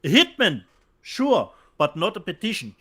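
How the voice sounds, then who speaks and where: A German-accented man co-hosts a relaxed show from home, reading out viewer comments. His voice sits fairly high and swings up and down a lot. He often stalls and repeats words while hunting for the right phrase. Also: slightly rough. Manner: halting, repeats words while searching for them. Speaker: co-host. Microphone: remote call from home.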